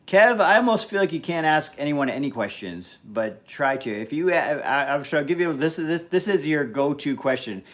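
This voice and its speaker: A man hosting a casual live stream, talking bluntly in an animated rant that is full of swearing. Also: a little high, normal speed, hardly any pauses. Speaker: livestream host.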